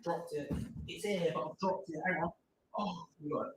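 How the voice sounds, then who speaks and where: A man's voice: on the high side, steady tone, moderate pace, background noise. A young man hosting a live football watch-along, chatting, joking and reading out viewer comments. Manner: chatty, jokey, reads viewer comments aloud.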